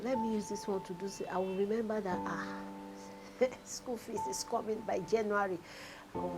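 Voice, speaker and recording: Nigerian woman in her forties, emotional confessional, soft music bed below her voice. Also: fairly high pitch, rough recording. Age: 40s. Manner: tearful, pouring out hardship, repeating phrases. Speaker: reality show contestant.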